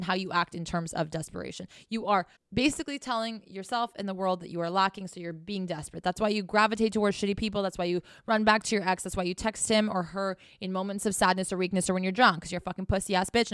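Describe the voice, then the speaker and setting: A woman's voice: mid-range voice, a bit bright, smooth, dry recording. Brash, profane woman with a dry close sound. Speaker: self-help podcaster. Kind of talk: blunt motivational monologue.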